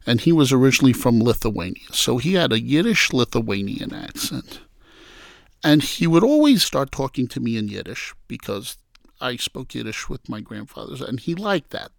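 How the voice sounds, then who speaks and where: Man from New York, gravelly lively storyteller, dry close sound. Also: mid-range voice, dry recording. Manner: animated storyteller who acts out quoted voices. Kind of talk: casual storytelling interview.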